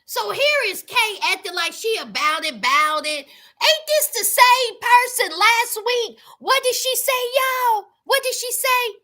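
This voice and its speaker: High, bright-voiced woman chatting slowly. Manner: sassy, animated storytelling with quoted voices. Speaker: reality TV recap host. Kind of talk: casual commentary.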